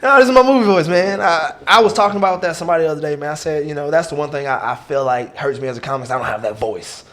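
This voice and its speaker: A guest comic in his 20s chats casually and in a laid-back way, repeatedly asking "you know what I'm saying." His voice is on the high side and a bit bright, and he talks in rapid-fire bursts.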